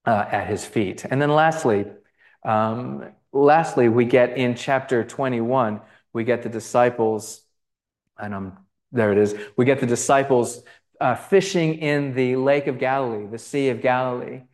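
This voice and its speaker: Unhurried and a little mellow, his medium-pitched voice delivers a Bible teacher's conversational talk about gospel icons. He restarts sentences, wanders into asides, uses many fillers and keeps saying "right?".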